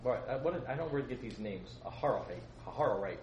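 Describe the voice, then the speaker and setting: A man preaching a sermon to young people, animated and joking, swinging between loud outbursts and soft asides. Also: mid-range voice, quick pace, muffled recording. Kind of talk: sermon to a youth congregation. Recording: echoey room, faint room noise.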